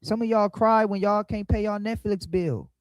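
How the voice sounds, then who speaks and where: A man preaches emphatically and rhythmically, drawing lessons from scripture in a sermon and Bible study commentary. His voice is steady, clear, and resonant, dipping low and slow for emphasis, in a dry recording.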